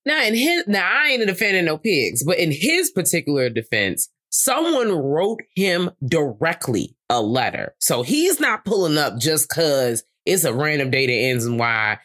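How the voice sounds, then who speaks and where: Animated, swearing podcast co-host. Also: measured pace, few pauses. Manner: animated, jumps into high-pitched impressions, swears freely. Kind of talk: casual movie review chat.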